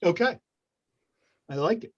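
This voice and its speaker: A man hosts an online improv show over a video call, joking and rambling playfully. His voice sits high but has a darkish, breathy tone, and he speaks expressively at a measured pace. The video call audio is muffled and lo-fi.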